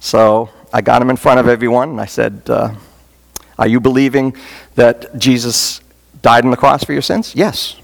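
A man's voice: medium pitch, level tone, normal speed, vocal fry. A man preaching as a pastor in a church, giving an earnest, folksy altar call with touches of humor. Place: church sanctuary.

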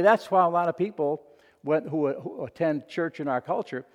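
Emphatic high-voiced male pastor preaching. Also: big-room sound. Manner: emphatic, repeats and restarts words, quotes scripture dramatically. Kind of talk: sermon.

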